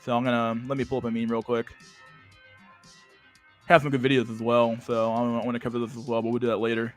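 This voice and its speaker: A young man hosting a casual livestream at a middle pitch. He talks in a profane, slangy way and keeps restarting his sentences. Faint music plays behind him. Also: completely flat delivery, fast talker. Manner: profane and slangy, lots of "dude" and "bro", many restarts. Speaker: livestream host.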